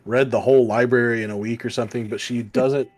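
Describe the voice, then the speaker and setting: A man co-hosting a casual comic review show, rambling and filling pauses with ums and likes. His voice sits at a middle pitch. Faint music plays quietly in the background. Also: steady tone. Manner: rambling, many fillers, acts out quoted lines. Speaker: podcast co-host.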